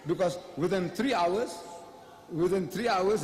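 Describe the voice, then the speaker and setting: A man's voice: fairly high pitch, animated, normal speed, roomy sound, big-room sound. A man giving a public debate lecture, firing rhetorical questions at the audience with emphasis.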